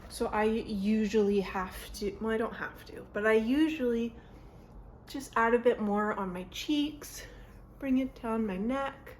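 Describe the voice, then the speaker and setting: With a fairly high, slightly mellow voice, this young woman talks a little slowly as she goes through a makeup tutorial at home by a mirror. She's chatty and rambling and keeps interrupting herself. Her phone camera picks up slight background noise.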